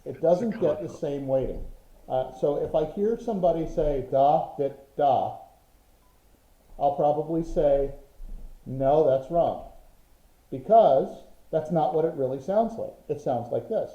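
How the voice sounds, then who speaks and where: A man's voice: a little high, measured pace. A man teaching a Morse code class online, patiently explaining and sounding out rhythms. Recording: roomy, dull lo-fi sound.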